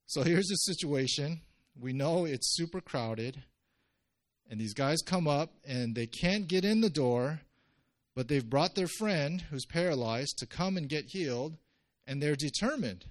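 A male pastor giving a conversational sermon, jumping his pitch up when he acts out quotes. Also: lively intonation, measured pace.

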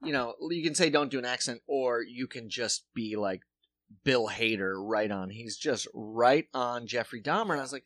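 A man's voice: mid-range voice, moderate pace, a bit bright, no echo. A man from South Dakota in casual podcast chat, telling stories animatedly with swearing and restarts.

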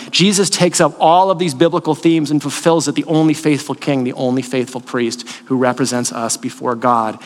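A man's voice: medium pitch, fairly even intonation, moderate pace, few pauses, long reverb tail. A middle-aged man, the lead pastor, preaching a sermon in a conversational way, asking the congregation questions and answering them himself. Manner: conversational storytelling with fillers.

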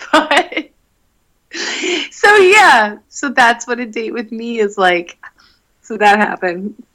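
Young woman, bright and fairly high, animated storyteller who laughs and swears a lot; casual podcast chat. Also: slow, pauses often, low-quality recording.

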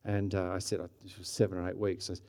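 Australian pastor telling a story. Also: male voice, low-pitched, level tone, fast talker, darkish tone. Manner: conversational, with frequent restarts and rising bursts of energy. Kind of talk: sermon storytelling.

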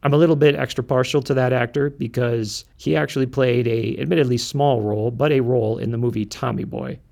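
A man with a gravelly voice co-hosts a casual podcast chat. He steers the talk with questions and slips in dry, teasing remarks. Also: mid-range voice, fairly even intonation, a little fast, a little mellow. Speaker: podcast co-host.

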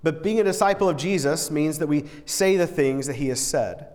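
A man delivers a sermon in a church sanctuary, his voice sitting a bit higher than most men's. He talks earnestly and conversationally, often stumbling back over a word before pressing on. A long reverb trails each phrase through the big room. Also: normal speed, darkish tone. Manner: earnest and conversational, often repeats words and restarts. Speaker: preacher. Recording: long reverb in a large hall.

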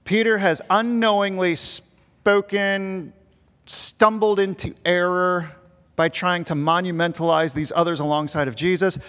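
A middle-aged man, a pastor, preaching a sermon with earnest emphasis that swells and then drops quiet. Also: sits high, steady tone, a little slow. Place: large church sanctuary. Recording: long reverb of a large hall.

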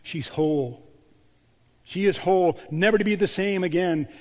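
A man, a pastor, delivering a sermon with a storytelling manner, dropping to a hushed voice on key words. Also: high voice, fairly even intonation, a little fast. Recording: long church reverb.

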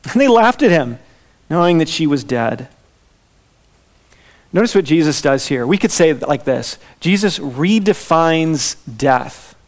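Earnest preacher, man, slightly high voice. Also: very animated. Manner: earnest, slows down and softens when reading scripture. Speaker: pastor. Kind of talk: expository sermon.

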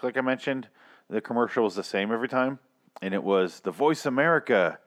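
A man's voice: mid-range voice, fast. A man co-hosting a podcast in casual chat, ranting sarcastically and swearing often. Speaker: podcast co-host.

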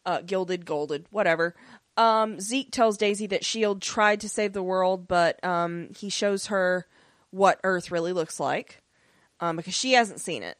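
A woman co-hosting a podcast, chatting casually through an episode recap with lots of fillers and quick acted-out character lines. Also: lowish voice, no room sound, clean studio sound. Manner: rambling, many fillers, acts out character lines. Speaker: podcast co-host.

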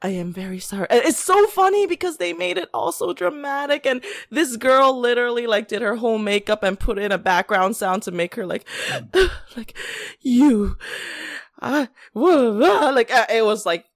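A woman's voice: on the high side, normal speed, vocal fry, fairly bright tone, dry recording. A woman co-hosting a podcast, chatting casually with a giggly, rambling way of talking full of "like". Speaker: podcast co-host. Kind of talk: casual gossip chat.

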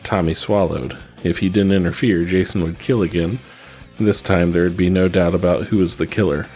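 A man reading fan fiction aloud in a steady, even narration. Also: low voice, normal speed, soft background music. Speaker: reader.

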